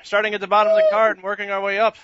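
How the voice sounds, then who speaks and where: Wry male co-host, high bright voice, dry muffled sound. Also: monotone, racing, a little hiss or hum. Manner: wry, reads fight cards out. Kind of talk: casual chat.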